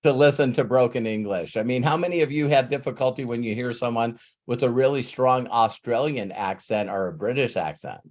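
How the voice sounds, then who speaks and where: A man's voice: medium pitch, brisk, hardly any pauses, a little mellow. A man hosting a live online coaching session, chatting casually and laughing often. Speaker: host, life coach.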